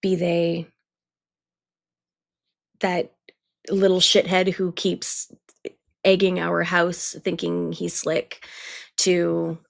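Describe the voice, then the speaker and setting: A woman speaking in character as a player at a tabletop game, calm and heartfelt. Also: fairly low pitch, drawn-out words, gravelly, pauses often.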